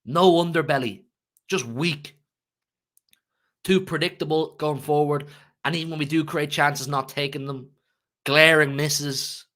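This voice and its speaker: A man's voice: fairly high pitch, steady tone, a little slow, pauses often, fairly bright tone. A man hosting a fan channel, ranting emotionally about football to his live chat and repeating himself for emphasis.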